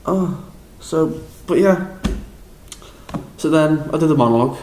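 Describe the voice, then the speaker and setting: A young man with a Liverpool accent, recapping a drama school audition in a rambling, excitable, self-deprecating way with lots of restarts. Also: on the high side, a little slow, roomy sound, slight background noise, low-quality recording. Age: young adult. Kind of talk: casual vlog recap.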